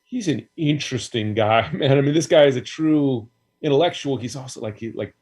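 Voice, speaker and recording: A man's voice: mid-range voice, darkish tone. Man chatting as a talk-show guest. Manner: conversational, quick with fillers. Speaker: guest, news anchor. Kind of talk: casual chat.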